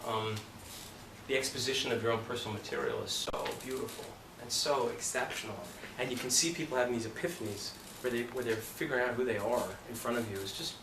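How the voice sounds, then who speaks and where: Acting coach, man, animated and profane storyteller, recorded off-mic in an echoey studio with room noise. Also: mid-range voice. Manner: animated storyteller, swears, acts out scenes. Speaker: acting teacher. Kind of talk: talk to an acting class. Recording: roomy, distant, noisy room recording.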